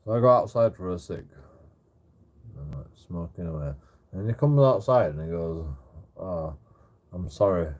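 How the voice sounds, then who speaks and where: A man's voice: low-pitched, expressive, normal speed, pauses often, darkish tone, highs cut off. A man telling a rambling story in casual chat, stammering over repeated words and swearing a lot. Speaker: streamer. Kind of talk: casual anecdote.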